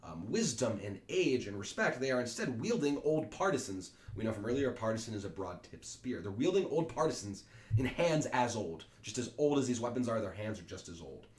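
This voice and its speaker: A man's voice: medium pitch, big pitch swings, fairly quick, a little mellow. A man teaching Shakespeare in a casual lesson, explaining plainly with fillers and paraphrasing each line. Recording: echoey room.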